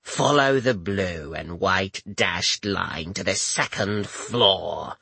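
A man voicing a severe older woman clerk with a scratchy, rasping voice, speaking slowly and with a sneer. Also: deep voice, pushed and bright, no echo, pitched below the performer's own voice, heavily acted. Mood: curt, scornful. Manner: slow, drawn-out, sneering.

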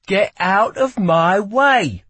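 Curt young woman thief, voiced by a male narrator, pitched high, snappy and forceful, dry read. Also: big pitch swings, a little slow, husky, no room sound, exaggerated voice.

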